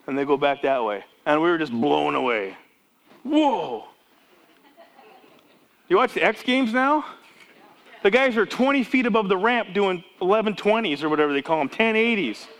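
A man's voice: sits high, a bit bright, clear, resonant tone. A man in his fifties or older preaching a casual sermon, telling Bible stories with many restarts and acting out the dialogue. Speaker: pastor.

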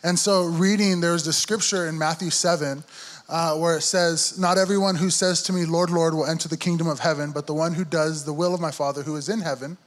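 A young man telling his conversion story in a casual, animated way. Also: on the high side, fairly quick. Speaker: guest sharing testimony.

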